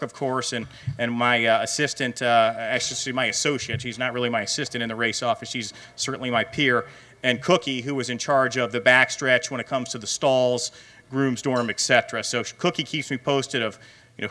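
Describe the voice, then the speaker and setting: A man's voice: medium pitch, bright, forceful tone. A middle-aged man emceeing an awards banquet, talking in a rambling way with many fillers. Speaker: director of racing, emcee.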